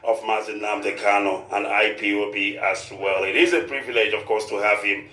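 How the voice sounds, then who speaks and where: A man's voice: on the low side, steady tone, moderate pace, pushed and bright, reverberant, poor audio. A man hosting a live radio show in a formal, repetitive manner, with a short prayer. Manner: formal, repeats "of course" often. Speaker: radio host.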